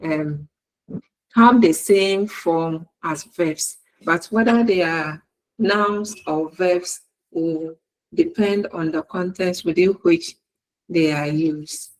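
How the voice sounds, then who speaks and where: A woman lecturer with a Ghanaian English accent, giving a recorded university lesson in a slow, deliberate way and repeating her examples word by word. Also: fairly low pitch, low-quality recording.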